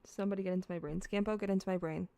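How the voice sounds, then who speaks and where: Young woman streamer, loose rambling chat, cusses a lot, gravelly fry in the voice. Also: mid-range voice, fairly even intonation, rapid-fire, mellow, dry recording. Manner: chatty, rambling, swears freely, talks to chat. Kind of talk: casual livestream chat, eating on camera.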